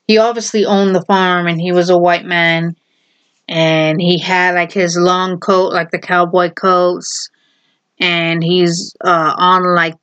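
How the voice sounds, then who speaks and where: A woman's voice: fairly low pitch, fairly bright tone, clear, resonant tone. A woman casually retelling a half-remembered movie, rambling and hesitant, full of fillers and restarts. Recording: dull lo-fi home recording.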